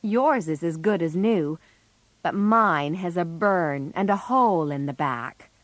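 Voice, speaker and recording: Tomboyish teen girl, blunt and unhurried, read by a woman narrator; close, dry storybook sound. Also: lowish voice, no room sound, lightly acted. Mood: matter-of-fact.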